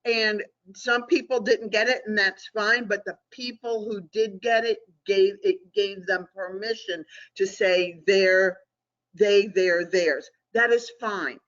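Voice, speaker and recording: Bright-voiced woman leading a webinar. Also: medium pitch, fairly even intonation, takes it slowly. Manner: conversational, checks in with "okay?" often. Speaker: webinar presenter. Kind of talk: online training webinar. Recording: dull lo-fi webinar audio.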